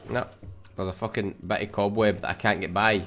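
A young Scottish man giving sweary, excitable let's play commentary into a desk mic. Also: lowish voice, brisk, faint music behind. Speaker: gaming YouTuber.

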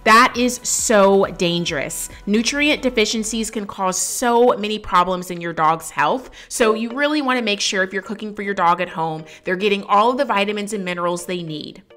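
A woman's voice: normal speed, hardly any pauses, fairly bright tone, faint music behind. A young woman talking through a home dog-food recipe in an upbeat, enthusiastic vlog style, with sponsor mentions. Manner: upbeat, enthusiastic, high sing-song baby talk to her dogs. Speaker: vlogger. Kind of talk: casual vlog narration with sponsor read.

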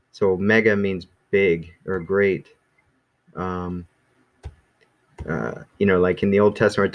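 Casting: man with a lowish voice, easygoing teacher who rambles and restarts with many ums. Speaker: Greek teacher. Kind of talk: casual classroom teaching.

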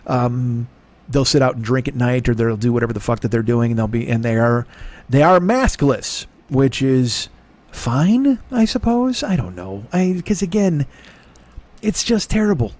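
A man's voice: medium pitch, expressive, normal speed, a little mellow. A man hosting a podcast from his home desk, telling a rambling comic story full of swearing. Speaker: podcast host. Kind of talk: profane comic monologue.

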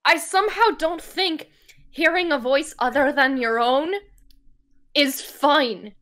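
A woman's voice: high voice, slow, a bit bright. A woman voicing a worried adventurer companion who presses and fusses in a flustered, slightly sarcastic way during tabletop role-play.

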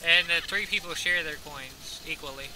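A man's voice: a little high, moderate pace, low-quality recording. Dry man chiming in over background chatter. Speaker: co-player. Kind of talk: dry gameplay chat.

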